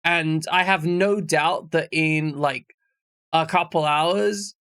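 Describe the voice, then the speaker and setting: A man's voice: fairly high pitch, fairly even intonation, slow, fairly bright tone, clear, resonant tone, dry recording, studio quality. A man streaming live, chatting casually with viewers in a rambling, jokey way and swearing freely.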